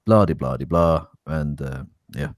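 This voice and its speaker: A man's voice: rumbling low, unhurried, dry recording, studio quality. A man co-hosting a casual podcast, reading a statement aloud with wry, sarcastic asides and swearing. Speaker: podcast co-host.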